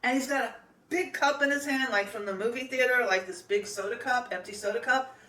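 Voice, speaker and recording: A woman's voice: fairly high pitch, fairly quick, pushed and bright, far from the mic. A middle-aged woman, telling a personal story in a chatty, meandering way, full of fillers and restarts. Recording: echoey room, voice set back from the mic.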